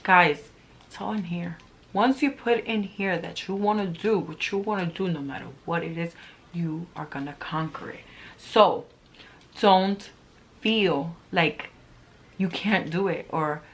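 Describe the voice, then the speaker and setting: A fairly low-pitched woman speaks at a measured pace. She's a middle-aged vlogger giving an earnest, emphatic motivational talk to camera in a casual style, repeating phrases to drive points home.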